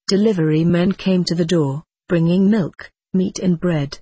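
An audiobook narrator telling a story in the voice of a house cat, with an even storytelling read. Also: medium pitch, unhurried, slightly rough, dry recording.

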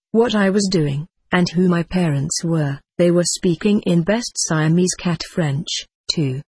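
An audiobook narrator reading a first-person story in a steady, measured way. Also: medium pitch, slightly rough, dry recording.

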